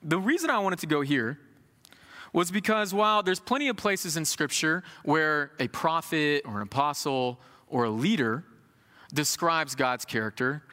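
A man in his thirties preaching a sermon in an animated, conversational way, with folksy asides. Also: on the high side, moderate pace, in a large hall.

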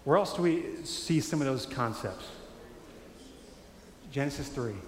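A man preaching a sermon in a conversational, animated way, acting out quotes. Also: medium pitch, a little slow. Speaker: pastor. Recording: echoey hall with faint ambience.

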